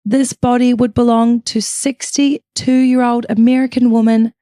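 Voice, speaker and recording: Woman co-host, chatty true crime storyteller, fairly high voice, hotel room. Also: level tone, unhurried, mellow, dry recording, clean studio sound. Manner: dramatic, chatty with swearing asides. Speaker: podcast co-host.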